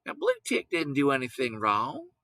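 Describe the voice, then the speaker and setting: A man's voice: mid-range voice, huge pitch swings, normal speed, vocal fry, bright, forceful tone, dry recording, exaggerated voice. A man voicing an earnest young farm girl who sincerely defends her pet pig.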